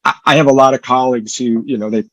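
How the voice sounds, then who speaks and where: A man's voice: medium pitch, fairly even intonation, quick pace, a bit bright, no echo, rough recording. A man from Puerto Rico hosting an interview, asking thoughtful questions and tagging on "right?". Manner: thoughtful, frequent "right?" tags and restarts. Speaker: interview host. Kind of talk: conversational interview.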